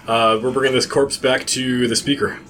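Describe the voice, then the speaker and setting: A man playing in a tabletop role-play game, measured and dry, speaking in and out of character. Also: medium pitch, level tone, a bit bright, slight background noise. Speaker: player.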